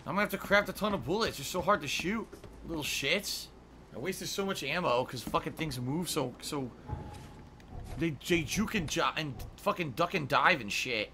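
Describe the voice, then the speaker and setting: A man's voice: on the high side, expressive, normal speed, background noise. A man streaming a game live, commenting as he plays, often frustrated and swearing. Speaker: gaming streamer.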